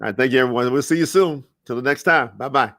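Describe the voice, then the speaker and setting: A man's voice: medium pitch, fast talker, pushed and bright. A man hosting a live-streamed interview, enthusiastic and motivational, reading viewer comments aloud. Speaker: host.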